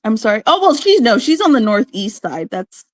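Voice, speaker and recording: A woman's voice: fairly high pitch, very animated, moderate pace, no echo. A woman from the Southern United States, a guest on a live chat panel, agreeable and a little hesitant. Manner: agreeable and hesitant, often says yeah and I don't know. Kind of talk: casual gossip chat.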